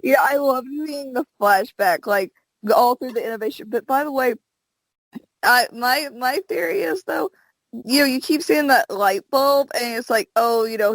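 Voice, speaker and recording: A woman with a slightly high voice co-hosts a fan podcast, speaking casually and leaning on fillers as she hunts for the right word. The sound is dry and close, with no room around her. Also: normal speed, fairly bright tone, no room sound, poor audio. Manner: casual, many fillers, searches for words. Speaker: podcast co-host.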